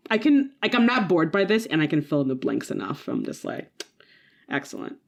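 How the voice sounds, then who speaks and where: A woman with a low voice chats casually as a podcast co-host. She talks in an animated, enthusiastic way, laughing often and leaning on filler words. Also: fairly quick, vocal fry. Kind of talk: casual chat.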